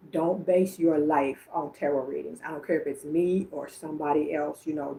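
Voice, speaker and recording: A woman with a low voice works as a psychic medium on a livestream, reading out messages for viewers. She chats casually and calls them by name, with noise in the background.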